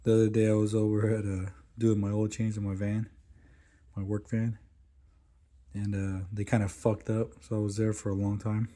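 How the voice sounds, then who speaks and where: A man's voice: fairly low pitch, level tone, moderate pace, dark tone. A man narrating his caulking work in a laid-back, casual way, swearing often as he goes, recorded on smart glasses. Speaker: caulking tradesman.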